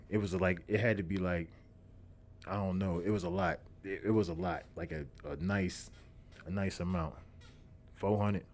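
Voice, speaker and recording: Deep-voiced young man. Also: a little mellow. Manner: profane, repetitive, streetwise storytelling. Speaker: podcast host. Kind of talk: casual storytelling monologue.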